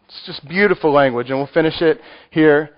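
A man's voice: fairly high pitch, a little fast. Texan guy preaching, laid-back and jokey, kinda dull lo-fi sound. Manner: conversational, joking asides to the congregation. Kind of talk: sermon. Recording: muffled lo-fi recording.

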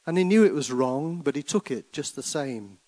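A grave prophet spins a cautionary tale, read by a man in a poem. His delivery is measured and deliberate, in a dry close voice. It carries quiet sternness. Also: on the high side, expressive, dry recording, pitched above the performer's own voice, lightly acted, rough recording. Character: grave older male prophet, stern and sorrowful.

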